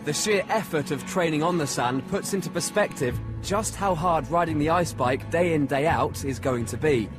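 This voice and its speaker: A man reading scripted documentary narration in a steady, measured voice-over. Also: on the high side. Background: music.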